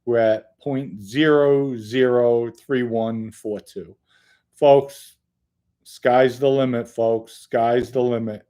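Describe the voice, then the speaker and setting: A middle-aged man with a medium-pitched, dark voice hosts his own channel. In a casual, rambling solo monologue, he tells family stories and swears now and then.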